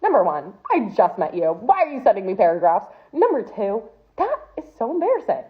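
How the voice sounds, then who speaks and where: A woman's voice: mid-range voice, wildly swooping pitch, fairly quick. A young woman telling comedic dating stories in an exasperated, incredulous rant. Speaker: comedic storyteller. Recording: tinny phone-like sound.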